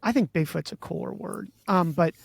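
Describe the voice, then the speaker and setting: A man from Maryland hosting an interview, thinking aloud in a halting, musing way with many restarts. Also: sits high, vocal fry, slightly rough, dry recording. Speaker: podcast host. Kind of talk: casual interview chat.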